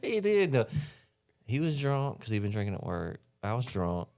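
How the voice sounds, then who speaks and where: A man's voice: medium pitch, big pitch swings, normal speed, a little mellow. A man telling wild stories in a casual, profane podcast chat, often laughing and quoting people. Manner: profane, laughing storyteller with quoted voices.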